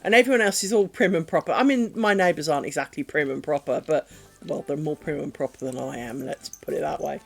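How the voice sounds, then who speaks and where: A woman streaming while she crafts at home, chatting in a rambling way and dropping to a soft, low voice when she talks to her dogs. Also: fast, gravelly, faint music behind. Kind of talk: casual chat while crafting.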